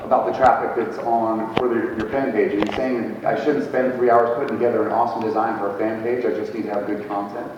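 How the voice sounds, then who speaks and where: A man co-presenting a live seminar, bantering and chiming in with quick remarks. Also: lowish voice, flat delivery, noisy background. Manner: fast, bantering, chimes in. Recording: echoey hall from far off, dull sound.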